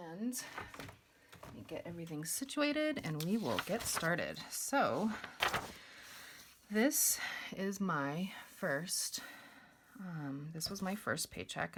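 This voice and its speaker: A woman's voice: sits low, slight background noise. A young woman chatting casually through her budget on camera, rambling with fillers and a little out of breath. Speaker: budgeting vlogger.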